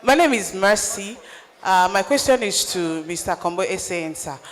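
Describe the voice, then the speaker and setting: A woman's voice: medium pitch, expressive, moderate pace, slight background noise. A woman politely asking a question at a town hall. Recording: reverberant hall.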